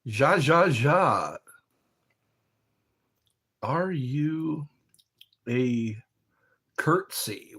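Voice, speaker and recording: A man's voice: medium pitch, husky. A man hosting a live stream, chatting in a rambling, playful way while he snacks and spells words out.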